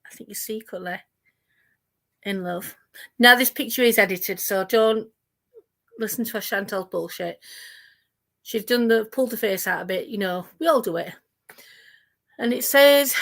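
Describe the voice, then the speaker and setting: A woman's voice: medium pitch, a little slow, long pauses. A woman hosting a reaction commentary video, mocking and taunting the people she talks about. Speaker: commentary channel host.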